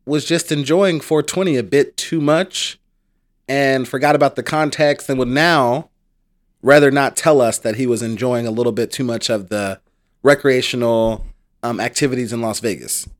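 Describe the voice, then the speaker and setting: An American man co-hosting a casual sports podcast. His voice sits in the middle range, and he makes blunt, wry points in a relaxed way. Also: medium pitch, moderate pace. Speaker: podcast co-host.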